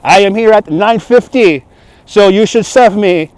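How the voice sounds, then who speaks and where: Guy doing a snooty french tourist voice, mock french accent, slow and pushy, kinda high. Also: no echo. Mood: haughty. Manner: slow, haughty, loud. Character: arrogant male French tourist, demanding and indignant. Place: outdoors on city streets. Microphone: phone on handheld gimbal.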